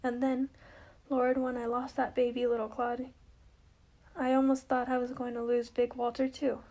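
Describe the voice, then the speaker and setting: A grieving old widow and family matriarch, read by a woman, looking back on lost dreams in a slow, homely drawl. Her voice sits high yet stays dark and mellow. Heard in a plain play reading. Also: completely flat delivery, natural voice. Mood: reminiscing.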